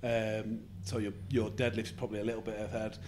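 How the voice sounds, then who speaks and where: A man's voice: on the low side, little pitch movement, a little fast, darkish tone, slight background noise. A man as a podcast guest, speaking earnestly with hesitant restarts and frequent laughs. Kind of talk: casual podcast chat.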